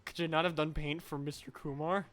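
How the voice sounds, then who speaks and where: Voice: mid-range voice, flat delivery, fairly quick, a bit bright, faint music behind. A game developer giving casual playthrough commentary, joking, swearing and reading the game's dialogue aloud.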